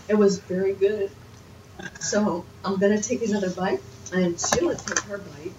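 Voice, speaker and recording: A woman chats casually as a podcast guest in her home, giggling between words. She sits far from the mic, so her voice sounds roomy and dull. A steady hiss of noise sits under it. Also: mid-range voice, unhurried. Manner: giggly, breaks into laughter. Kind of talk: casual chat. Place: her own home, dim room. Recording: distant echoey dull mic, noisy.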